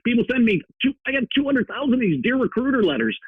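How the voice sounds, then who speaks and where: Husky guy telling stories as a guest, voice jumping all over, sounds like a phone line. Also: very high voice, fast talker, no room sound. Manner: lively, acts out people in his stories. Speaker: guest, executive recruiter. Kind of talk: animated storytelling in an interview. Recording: dry, tinny phone-like line.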